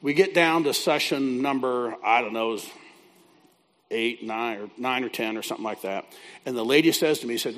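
A man's voice: medium pitch, moderate pace, fairly bright tone. A man who works as a biblical counselor, teaching a class by telling a folksy, conversational story. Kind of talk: teaching through a told story.

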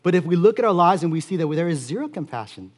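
A man preaching a sermon as pastor, earnest and steady, repeating key phrases for emphasis. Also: a little high, fast.

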